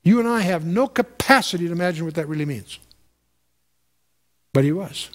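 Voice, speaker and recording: Man teaching scripture, emphatic and conversational, fairly high voice. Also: lively intonation, normal speed. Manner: conversational, emphatic, repeats phrases, reads scripture with lifted voice. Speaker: Bible teacher. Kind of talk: verse-by-verse Bible teaching.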